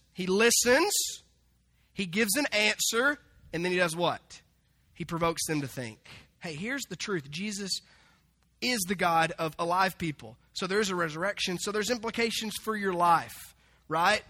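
A man preaching a sermon, animated and humorous, acting out the people in the story. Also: high-pitched. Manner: animated, acts out quoted voices with humor. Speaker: pastor.

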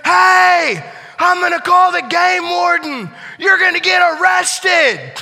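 Man playing an irate landowner, yelling from afar, very high strained voice, echoey hall. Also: animated, slow pace, gravelly, full character voice. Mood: furious. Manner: yelling from a distance. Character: angry shouting male landowner neighbor.

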